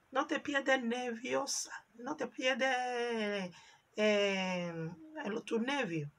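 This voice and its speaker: A Nigerian woman tells a story from her own life straight to the camera in a loose vlog style. Her voice is bright and forceful. She is animated, slipping into the voices of the people she quotes. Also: high voice, breathy edge. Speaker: vlogger. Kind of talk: casual storytelling monologue in Pidgin.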